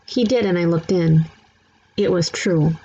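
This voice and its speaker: A woman reading a children's chapter book aloud in steady, plain narration. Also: fairly low pitch, unhurried, dull audio, slight background noise. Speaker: storybook reader.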